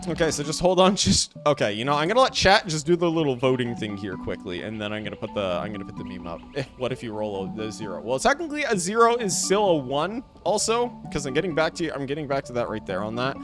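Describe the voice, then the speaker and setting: A man's voice: mid-range voice, sing-song, fast talker, hardly any pauses, over music. A man streaming a game live, chatting casually with his viewers and calling out dice rolls. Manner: chatty, talks to chat, rolls dice aloud.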